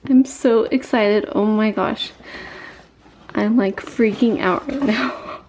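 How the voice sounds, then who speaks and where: A young woman gushes through an unboxing vlog, her voice sitting high yet soft and mellow. She talks at an unhurried pace, breaking into excited squeals over each item. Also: creaky, a little hiss or hum. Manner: gushing, squeals often. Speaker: beauty vlogger. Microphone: camera mic.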